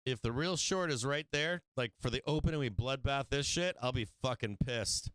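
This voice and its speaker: A man hosting a live stock trading stream, chatting casually, swearing freely and laughing often, sometimes getting loud and excited. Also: mid-range voice, normal speed, clean tone, dry recording. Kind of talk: casual profane trading commentary.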